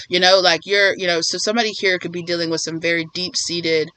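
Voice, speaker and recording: A man giving a casual spiritual tarot reading, rambling and animated, often acting out what others might say. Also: fairly high pitch, a little fast, few pauses, clean tone, dry recording, rough recording. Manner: rambling, animated, acts out quoted voices. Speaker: tarot reader.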